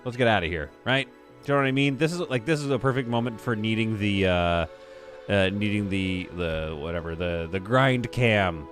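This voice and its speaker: A man with a low voice streams a game and rambles casually, full of fillers and restarts. Faint music plays behind him. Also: moderate pace, a bit bright. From Canada. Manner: rambling, self-amused, many fillers and restarts. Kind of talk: casual live-stream chat.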